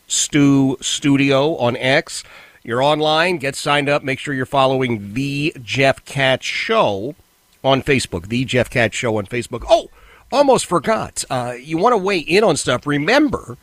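A man hosting a talk radio show, delivering an indignant monologue. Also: no room sound. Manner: animated, indignant, pitch jumps when worked up.

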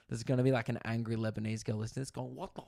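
Young Aussie guy, comedian host, gravelly voice, dry close sound, swears freely while telling a story. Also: medium pitch, mellow, dry recording. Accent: Australian. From Australia, Victoria. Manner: crude, profane storytelling with frequent asides. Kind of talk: comedic podcast monologue. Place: hotel room in quarantine.

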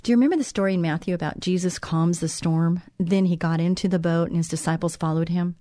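A woman's voice: lowish voice, fairly even intonation, fast, warm tone, no room sound, clean studio sound. A woman hosting a Christian talk show, speaking in an encouraging, conversational way and repeating phrases for emphasis. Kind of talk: devotional talk show monologue.

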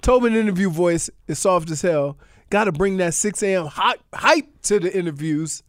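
A man's voice: high voice, lively intonation, normal speed, no room sound, clean studio sound. A man co-hosting a radio sports show, reading listener texts and teasing with frequent laughs.

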